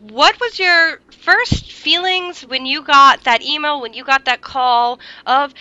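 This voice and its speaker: Bright bubbly woman hosting. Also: high-pitched, slow pace, hardly any pauses, dry recording, highs cut off. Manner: bubbly, laughs often. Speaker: host. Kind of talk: casual podcast chat.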